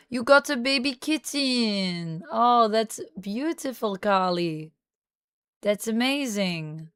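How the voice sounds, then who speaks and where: A woman's voice: mid-range voice, a bit bright, clean tone, dry recording, studio quality. A woman streamer chatting casually on a livestream, reading viewer comments aloud and answering them, at times in a playful mock French Canadian accent.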